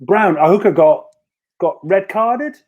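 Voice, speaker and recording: A man's voice: high voice, expressive, a little slow, dull audio. A man who played rugby, telling a long story in a casual podcast chat, rambling and self-mocking with lots of restarts. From Scotland. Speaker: podcast guest, former rugby winger.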